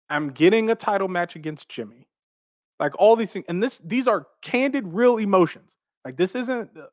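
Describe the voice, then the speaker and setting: A professional wrestler, a man, tells stories from his career in a casual, animated way, swearing freely and laughing between phrases. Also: high-pitched, no room sound, studio quality.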